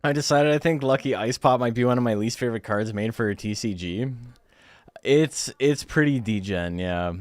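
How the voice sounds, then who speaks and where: A man's voice: mid-range voice, moderate pace. A young man streaming a game, ranting sarcastically in casual chat, swearing and laughing often.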